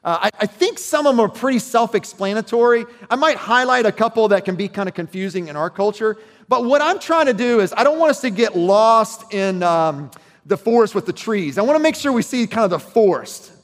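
Man, pastor, conversational sermon, high-pitched, long hall reverb. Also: expressive, fairly quick. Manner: conversational, checks in with the congregation.

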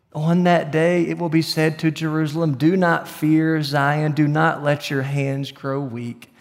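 A man with a high voice preaching a sermon in an unhurried, deliberate rhythm. He drops into hushed whispers and then rises to bright, emphatic declarations. His voice rings with the long reverb of a large hall. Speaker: pastor.

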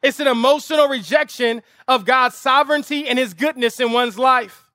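A man's voice: extremely high pitch, normal speed, bright, forceful tone, no room sound, clean studio sound. A man preaching a sermon as pastor, telling a family story and building to emphatic, repeated rhetorical appeals. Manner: impassioned preaching with vivid storytelling and emphatic repetition. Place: outdoor lawn service.

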